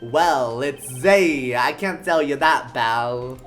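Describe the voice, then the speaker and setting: A woman doing a loud gruff bumbling detective. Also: extremely low pitch, slow, faint music behind. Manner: brash, shouty, Italian-tinged tough-guy drawl.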